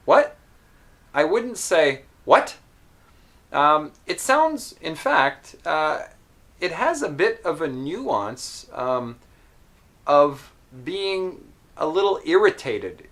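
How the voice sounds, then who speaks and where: A man teaching an English pronunciation lesson, patient and clear, with frequent ums and spoken demonstrations of sounds. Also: on the high side, fairly bright tone.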